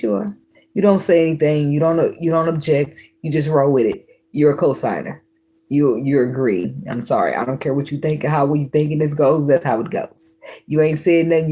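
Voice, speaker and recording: A woman's voice: low voice, warm tone, breathy edge. A woman giving a casual tarot reading, talking bluntly with plenty of profanity and frequent laughs. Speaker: tarot reader.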